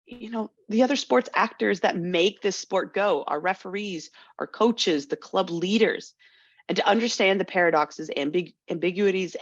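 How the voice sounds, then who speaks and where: A woman hosting a video call panel, introducing a guest with frequent restarts and pauses. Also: lowish voice, dry recording. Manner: halting, restarts often. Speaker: host. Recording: dull dry video call audio.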